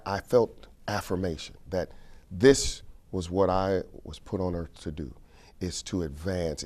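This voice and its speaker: Deep-voiced man telling stories. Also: a little mellow. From St. Louis, Missouri. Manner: storytelling, repeats phrases for emphasis. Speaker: keynote speaker and King speech performer. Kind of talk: interview conversation.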